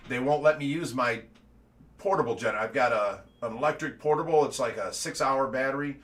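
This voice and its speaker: A middle-aged man from the US, owner of a fish rescue, gives a brisk, casual livestream update in a mid-range, fairly bright voice. Rambling and repeating words, he laughs between stories.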